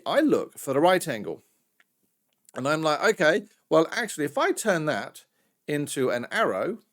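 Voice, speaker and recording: A British man teaching a recorded maths lesson in a chatty, jokey way with self-mocking asides. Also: on the high side. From Britain.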